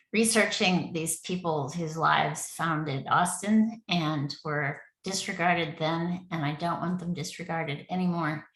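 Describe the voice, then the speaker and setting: A woman's voice: on the low side, fairly bright tone, reverberant, low-quality recording. A woman leading an online project meeting from home, talking in a rambling, effusive way and laughing often. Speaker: city project lead running the meeting. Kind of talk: casual online meeting talk.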